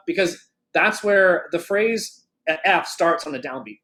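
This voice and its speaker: A man's voice: on the high side, animated, a little fast, pushed and bright. Man coaching a clarinet masterclass. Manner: sings phrases on nonsense syllables to demonstrate; thinks aloud with many restarts and ums. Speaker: clarinet teacher leading a masterclass. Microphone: video call.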